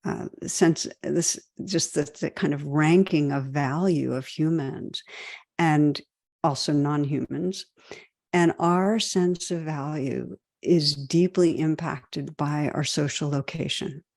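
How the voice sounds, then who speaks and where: A woman giving a dharma talk as a meditation teacher, gentle and reflective, often using "you know" and soft restarts. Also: deep voice, slow, no echo, studio quality.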